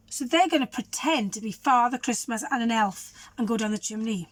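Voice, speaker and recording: Slightly croaky woman teacher. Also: on the high side, brisk, few pauses, no room sound. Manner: warm, asks the children questions. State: hoarse. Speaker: teacher reading a story. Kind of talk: children's storybook read-aloud.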